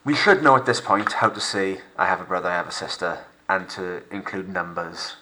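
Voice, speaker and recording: Male teacher, deep bright voice, narrating a recorded French lesson with careful, slow pronunciation. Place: home recording for lockdown learning.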